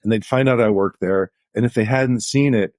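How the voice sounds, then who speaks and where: A man's voice: fairly low pitch, moderate pace, darkish tone, dry recording, studio quality. A middle-aged man, a journalist guest, telling anecdotes in a casual interview with lots of "like" fillers. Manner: anecdotal, chatty, many "like" fillers.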